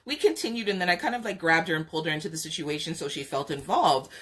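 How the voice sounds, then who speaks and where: A woman podcast host telling a candid personal story, frank and chatty, laughing often and pausing to talk to viewers. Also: deep voice, animated, a bit bright, slightly rough. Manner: frank, laughing, drawn-out pauses. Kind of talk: candid storytelling on a live stream.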